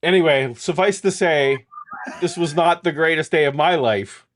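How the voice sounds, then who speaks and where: A man's voice: fairly high pitch, normal speed. A middle-aged man co-hosting a casual chat, telling a long self-deprecating story full of restarts. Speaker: podcast co-host.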